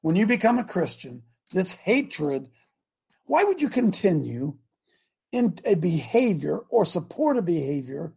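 Older male preacher, host, emphatic, gravelly, husky. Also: sits high, big pitch swings, a little slow, a little mellow. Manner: emphatic, exclamatory, calls out to the audience. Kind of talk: fiery live-show sermon.

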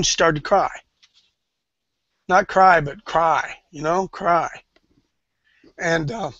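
A man's voice: a little high, dry recording. Man, middle-aged, preacher, sermon, storytelling then fervent, dry close sound. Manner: storytelling, rising to fervent shouts when preaching. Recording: dull, dry lo-fi recording.

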